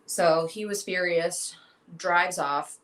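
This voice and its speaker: Slow and a bit bright, her voice on the low side, a young woman tells an interviewer a heartfelt personal story, acting out what others said. The recording is low quality.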